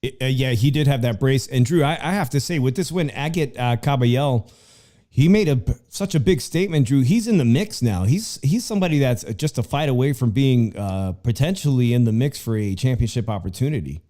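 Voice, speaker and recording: A man's voice: medium pitch, animated, a little fast, dark tone. A man hosting a casual boxing talk show, chatty and full of fillers, often addressing his co-host by name.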